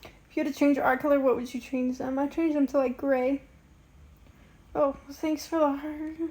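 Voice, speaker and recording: A woman's voice: sits high, level tone, normal speed, a little mellow, a little hiss or hum. A young woman chatting casually on a livestream, reading and answering viewer comments in a rambling way with lots of fillers. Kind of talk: casual live-stream chat.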